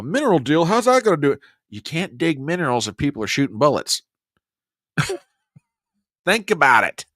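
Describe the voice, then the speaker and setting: A man's voice: medium pitch, pushed and bright, no room sound, studio quality. A male political commentary host delivering combative, sarcastic news commentary, saying he gets worked up.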